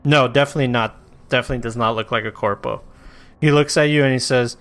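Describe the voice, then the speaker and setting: A man's voice: mid-range voice, fairly even intonation, quick pace, fairly bright tone, faint music behind. A man narrating a tabletop role-playing game as game master, casual and loose, with plenty of swearing.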